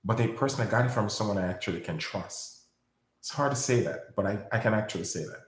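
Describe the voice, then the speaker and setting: Fast-talking and low-voiced, a man rambles through a casual monologue to camera on his own video, recorded with reverb. He keeps repeating words and tearing into his critics as he addresses viewers.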